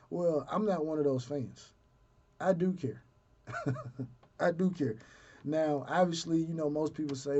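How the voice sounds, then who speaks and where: A man talking sports on his own in a relaxed, unscripted way, thinking aloud and circling back as he goes. His voice is warm and a little husky, and the recording sounds muffled and lo-fi. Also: fairly high pitch, moderate pace. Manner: conversational, thinks aloud with fillers and restarts. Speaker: sports fan commentator. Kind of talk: casual solo sports talk. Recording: dull lo-fi sound.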